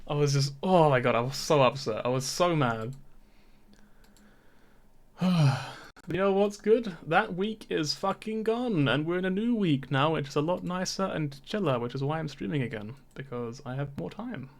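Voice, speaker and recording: A man's voice: a little high, animated, moderate pace. A man streaming a game, chatting casually into a dynamic microphone, rambling and swearing often as he laughs through his stories.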